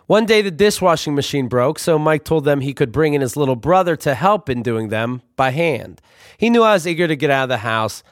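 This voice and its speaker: A young man telling comic stories about his youth in a wry, deadpan manner. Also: on the high side, brisk, dry recording, clean studio sound. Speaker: storyteller. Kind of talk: comic storytelling.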